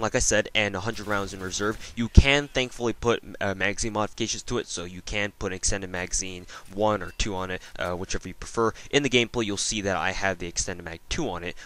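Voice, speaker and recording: A man's voice: lowish voice, pushed and bright. A man giving a casual video game review voice-over, rambling with lots of fillers and self-corrections.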